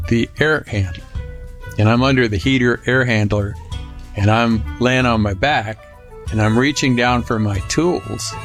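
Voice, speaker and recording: An older man telling a personal story casually, rambling with restarts and lively retelling. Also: medium pitch. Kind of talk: personal anecdote.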